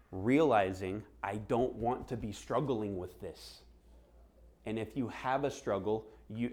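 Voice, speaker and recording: A middle-aged man preaching a sermon, telling stories and acting out the voices of people he quotes. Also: medium pitch. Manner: animated storytelling, acts out quoted voices. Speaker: pastor.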